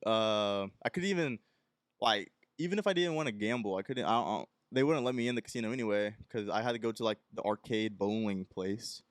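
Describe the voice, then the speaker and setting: A young man from Texas tells a long anecdote on his solo podcast. His voice sits low and sounds smooth and resonant, and he jumps into the voices of the people in his story. The sound is close and dry, with no room in it. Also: fairly quick, no echo. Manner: rambling anecdote, acting out the people he quotes. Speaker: podcast host.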